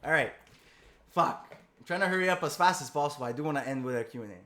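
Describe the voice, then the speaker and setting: A man's voice: a little high, quick pace, pushed and bright. A young man on a live coaching call, heated and profane. He rambles, restarts his sentences and keeps asking the listener whether they understand.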